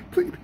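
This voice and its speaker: A man giving casual reaction commentary, animated and repeating himself, stumbling over his words. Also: noisy background. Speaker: vlogger.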